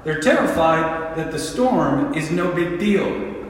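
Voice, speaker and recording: A man preaching a sermon as pastor, deliberate and full of rhetorical questions and repeated words. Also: on the high side, animated. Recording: echoey hall from a distant mic.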